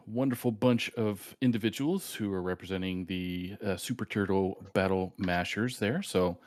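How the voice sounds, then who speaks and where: A man's voice: on the low side, a little mellow, dry recording, studio quality. A man from Canada co-hosting a live stream, introducing the other team with playful jokes. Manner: jokey, playful. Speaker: co-host.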